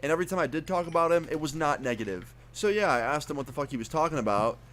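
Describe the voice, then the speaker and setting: A young man with a slightly high voice talks rapid-fire over slight background noise. In a YouTube storytime vlog, he gives a casual, profane, animated retelling, acting out his own lines.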